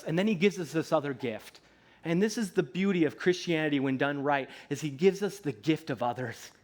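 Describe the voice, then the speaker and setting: Man, pastor, sermon, conversational, playful asides, somewhat high voice. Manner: conversational preaching with playful put-on voices and frequent "right?". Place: church sanctuary.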